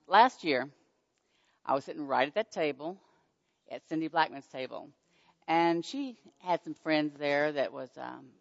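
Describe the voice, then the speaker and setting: An older woman born in Oklahoma with a Texan accent, giving a nervous, chatty faith testimony as a guest speaker in a church hall, acting out conversations. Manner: chatty storytelling, acts out dialogue with pitch jumps; nervous, self-deprecating. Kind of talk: personal faith testimony to an audience. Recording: dull echoey hall recording.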